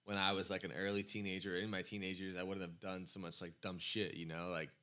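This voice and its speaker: A man co-hosting a casual podcast, musing reflectively in a rapid-fire way. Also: deep voice, little pitch movement, bright, forceful tone.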